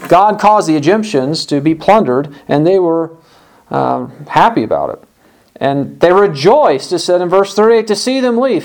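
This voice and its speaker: High-voiced man preaching a sermon. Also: lively intonation, moderate pace, poor audio. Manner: emphatic, repeating phrases for stress. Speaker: pastor; parent.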